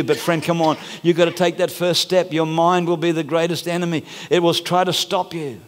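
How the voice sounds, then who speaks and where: Guy preaching loud then hushed, high voice, big reverby church hall. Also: level tone, moderate pace, few pauses, slight background noise. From Australia. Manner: fervent preaching, rising to shouts and dropping to a hush. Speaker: pastor. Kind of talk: sermon.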